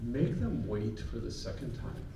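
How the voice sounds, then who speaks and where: A man working as a vocal clinician leads a vocal group, giving count-ins and modeling short phrases in song. He sounds animated and mellow, medium in pitch, keeping a measured pace. Slight background noise is present, and the echoey space is recorded from a mic placed well back.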